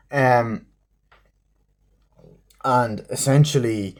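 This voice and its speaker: A man giving a rambling, profane spoken movie review, acting out scenes in quick snippets. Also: mid-range voice, a little mellow.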